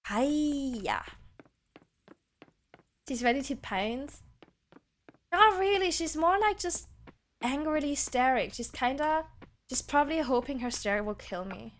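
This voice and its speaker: A young woman streaming a game, chatting casually and giggling, sometimes switching between English and German. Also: high-pitched. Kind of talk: casual gaming stream chat. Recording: faint background game music.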